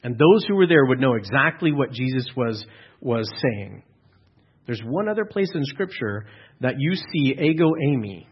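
A man's voice: medium pitch, lively intonation, normal speed, breathy edge, highs cut off. A man preaching an earnest teaching sermon, restarting phrases and adding fillers as he explains. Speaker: pastor.

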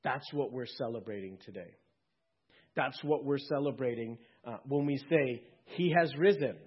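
A male pastor preaches in an earnest sermon, his voice husky and mid-pitched. He swells, then drops to a hush. The recording is dull and lo-fi. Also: normal speed.

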